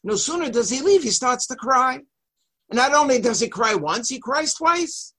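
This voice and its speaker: A man teaching a Torah lesson who reads Hebrew passages quickly and translates them line by line. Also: very high voice, lively intonation, bright, forceful tone, husky. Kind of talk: lecture on a religious text.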